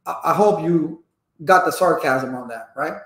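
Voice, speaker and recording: A man's voice: on the high side, normal speed, fairly bright tone, roomy sound. A man running a live-streamed networking lesson, chatty and repetitive, stopping to greet viewers in the chat. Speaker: networking instructor.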